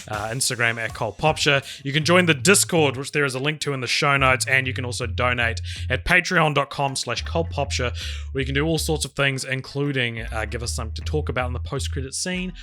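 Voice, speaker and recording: A male podcast co-host chatting loosely with a friend. His voice is bright and clear, and he jokes around and laughs easily. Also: mid-range voice. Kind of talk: casual podcast chat.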